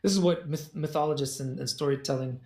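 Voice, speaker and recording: A man telling a fairy tale as a podcast guest, in an animated, jokey way with asides. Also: a little high, fast talker. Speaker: guest storyteller. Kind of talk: casual storytelling in a podcast conversation. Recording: roomy echo.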